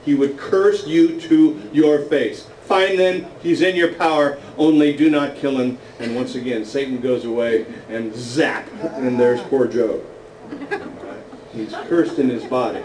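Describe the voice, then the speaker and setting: A man's voice: mid-range voice, measured pace, darkish tone. Casual male Bible teacher, joking scripture reader, distant mic in a roomy meeting hall. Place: meeting room with a small group. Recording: roomy echo, from afar, faint noise.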